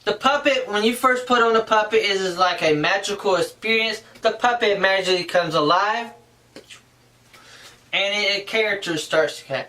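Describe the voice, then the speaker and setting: A man's voice: high-pitched, normal speed, pushed and bright. Earnest man teaching, mic set far off. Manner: earnest, rambling, often restarting sentences. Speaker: puppetry instructor. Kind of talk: casual how-to tutorial.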